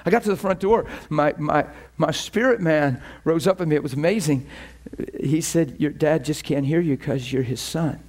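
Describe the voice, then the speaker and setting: A man's voice: on the high side, normal speed. A male pastor delivering a sermon, telling a personal story with frequent laughter and voicing quoted people. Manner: animated, laughs often, voices quoted people.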